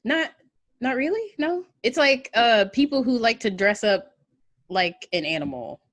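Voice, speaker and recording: A woman's voice: a little high, animated, measured pace, a bit bright, no room sound. A slightly tipsy woman telling a story in casual podcast chat, loose and laughing, with plenty of ums and swearing. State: a little tipsy. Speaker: podcast co-host.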